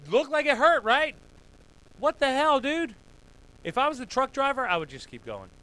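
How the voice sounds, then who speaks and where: Excitable man, high bright voice, swinging pitch, swears a lot, reacts to dash cam clips. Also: normal speed. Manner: excitable, loud outbursts and swearing; drops to quiet muttering asides. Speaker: podcast host.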